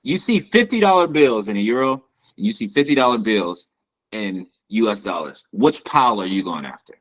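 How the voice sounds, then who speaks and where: A young man co-hosting a podcast, talking casually in slangy, animated speech. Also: on the low side, moderate pace, poor audio. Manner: slangy, animated, says bro a lot. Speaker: podcast co-host. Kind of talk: casual chat.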